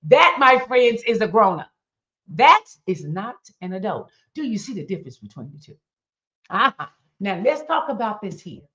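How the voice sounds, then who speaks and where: A woman's voice: mid-range voice, big pitch swings, normal speed, fairly bright tone. A middle-aged woman, giving a motivational talk in a preaching style and asking her audience pointed questions. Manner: emphatic, addresses audience directly with questions. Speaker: motivational speaker. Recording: dull lo-fi recording.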